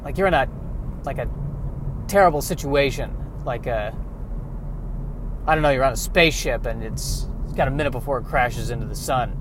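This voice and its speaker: A man's voice: medium pitch, normal speed, long pauses, slight background noise. A man riffing in a meandering, wry comic monologue while driving. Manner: meandering, self-interrupting, wry. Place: inside a car while driving.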